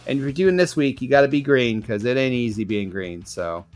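A man's voice: mid-range voice, fairly quick, no echo, soft background music. A man hosting a sports fan podcast, upbeat and jokey, laughing often between lines. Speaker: podcast host. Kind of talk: casual chat.

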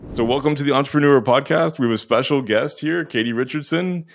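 A man hosting a podcast, introducing his guest in a relaxed way with many fillers. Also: mid-range voice, a little fast, creaky. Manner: relaxed, filler-heavy, effusive praise. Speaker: podcast host.

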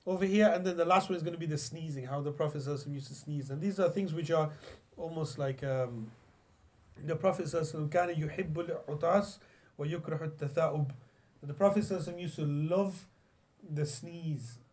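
A man's voice: on the high side, racing, a little mellow. Chatty male teacher giving a religious lesson. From England. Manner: storytelling, chatty, many restarts, quotes Arabic. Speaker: Islamic teacher. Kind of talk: classroom lesson on hadith.

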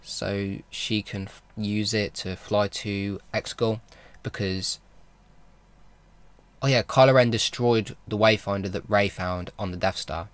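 A man talks through a film recap in a casual vlog, rambling along with plenty of ums and restarts. His voice sits a little low, and he sounds like an eager fan. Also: steady tone, unhurried, no room sound. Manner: rambling, with many fillers and restarts; enthusiastic fan talk. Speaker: vlogger.

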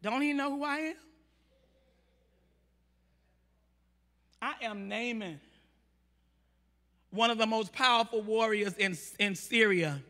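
A man putting on a proud army commander, muttering his indignant complaints low and quiet. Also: moderate pace, long reverb tail.

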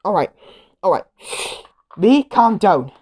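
A woman giving casual commentary while she plays a game show video game, reacting loudly to each result and getting easily annoyed. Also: mid-range voice, very animated, slow pace, slight background noise.

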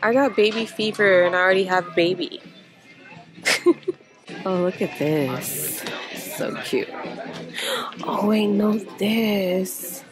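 A woman vlogs casually to her viewers while shopping in a large store, holding the camera, chatting and exclaiming often. Her medium-pitched voice is slow, with long pauses, and background music plays.

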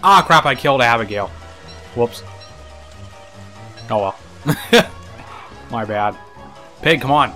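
A man's voice: medium pitch, expressive, slow, long pauses, sharp tone, faint music behind. A man giving casual let's-play commentary, chatting to the characters on screen, laughing and swearing as he plays. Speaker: gameplay commentator.

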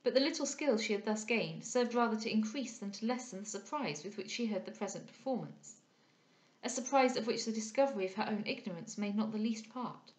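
A woman narrating a classic novel in a steady, careful reading. Her voice sits a little high for a woman. The recording has a noticeable room echo. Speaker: audiobook reader.

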